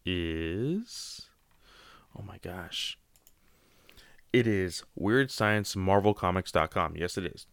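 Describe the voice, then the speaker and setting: A man's voice: low voice, smooth, dry recording, studio quality. A man giving a casual spoken comic book review, rambling and often saying "you know.".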